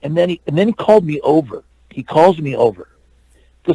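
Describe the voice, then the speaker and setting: A man's voice: fairly high pitch, big pitch swings, fairly quick, gravelly, mellow, breathy edge, dry recording, poor audio. A man in his sixties from California, an interview guest telling a long anecdote and acting out the dialogue, with many fillers and restarts. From California, USA.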